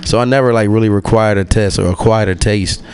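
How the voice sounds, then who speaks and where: A man's voice: lowish voice, fairly even intonation, fairly quick, darkish tone. A man in his twenties telling a story in casual podcast chat, laid-back and slangy, laughing often.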